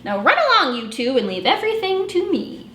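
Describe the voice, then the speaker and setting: A sly fox doctor from a picture book, put on by a woman reading aloud, smooth and commanding. The voice is lively and bright. It is recorded in an echoey room. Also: high-pitched, a little fast, slight background noise, voice pushed up, full character voice.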